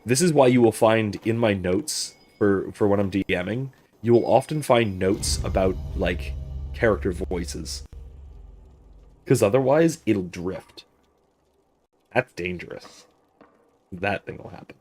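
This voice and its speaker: Guy streaming a game, chatty and self-deprecating, lowish voice. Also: measured pace, pauses often, darkish tone. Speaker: host. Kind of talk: casual game-play commentary.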